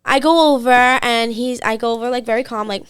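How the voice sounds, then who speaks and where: A woman's voice: on the high side, clear, resonant tone, no room sound. A young woman from Staten Island, telling a dating story on a podcast and acting out the people in it. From Staten Island, New York. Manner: animated, acts out the people in her story with quick voice shifts. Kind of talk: casual storytime chat.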